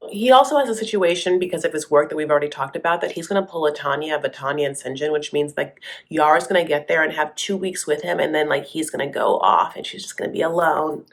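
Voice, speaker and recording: Host, woman, low-voiced, sassy gossip recap with snappy asides and quick mimicked voices. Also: creaky. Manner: sassy, gossipy, calls the viewer honey; breaks into quick voices for the people she quotes. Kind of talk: casual TV recap commentary.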